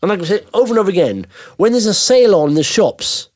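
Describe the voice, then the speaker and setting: A man's voice: high voice, big pitch swings, fast, a little mellow. A man hosting a podcast, giving an emphatic casual monologue with rhetorical questions. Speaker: podcast host.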